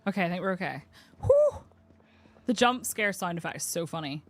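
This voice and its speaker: A woman's voice: fairly low pitch, sing-song, brisk, a little hiss or hum. A woman chatting through gameplay commentary as a streamer, talking to her game character and swearing casually.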